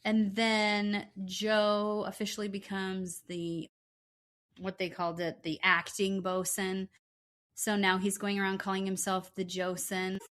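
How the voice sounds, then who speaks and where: A woman's voice: medium pitch, completely flat delivery, fairly bright tone. A woman co-hosting a podcast, casually recapping a reality show and readily agreeing with her partner. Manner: agreeable, quick affirmations, recaps plot points. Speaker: podcast co-host.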